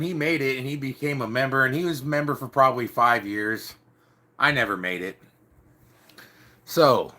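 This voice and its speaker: A man's voice: mid-range voice, bright, forceful tone. A young man telling stories casually to camera in a loose, slangy, swearing way, acting out the quotes.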